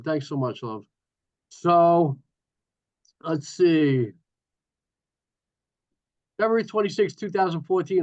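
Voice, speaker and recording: A man in his sixties from New York, sharing his recovery story at a meeting in a lively, joking way over a video call. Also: fairly high pitch, lo-fi sound. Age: 60s. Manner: lively storytelling with playful asides. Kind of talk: personal recovery share.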